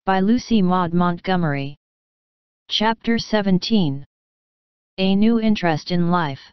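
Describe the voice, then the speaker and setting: Smooth, calm woman reading a bedtime story. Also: on the low side, a little slow, no echo, dull audio. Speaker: audiobook narrator.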